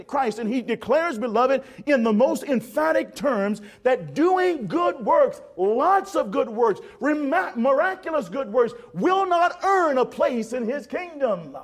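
A male preacher delivers a sermon with a high voice that leaps up and down. He is emphatic and dramatic, and he calls out to his listeners directly.

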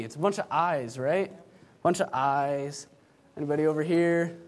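Higher-voiced young man preaching. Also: moderate pace. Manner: lively, laughs often between phrases. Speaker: youth speaker. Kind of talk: sermon with storytelling. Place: church.

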